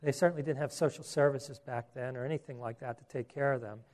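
A man's voice: medium pitch, steady tone, quick pace, darkish tone. A man preaching a sermon, earnest, with repeated words and rhetorical questions.

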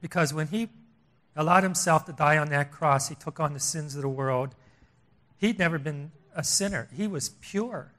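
Emphatic, higher-voiced older preacher. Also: male voice, normal speed. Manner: emphatic, repetitive, swings between loud and hushed. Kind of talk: sermon.

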